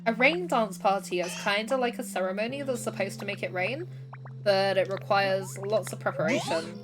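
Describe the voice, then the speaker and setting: Woman reading slowpoke lines pretty straight, easygoing game creature, music going behind. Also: medium pitch, close to an everyday voice. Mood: earnest. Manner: reads in-game dialogue aloud plainly. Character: sleepy male Slowpoke with big plans.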